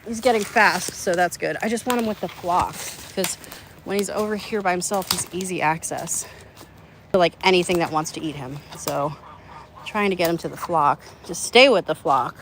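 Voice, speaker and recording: A woman casually vlogging on her farm, chatting about her animals and cooing at them in a high baby voice. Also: normal speed. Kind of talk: casual vlog narration and talking to animals. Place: outdoors on a farm with birds and horses. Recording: outdoor farm noise behind.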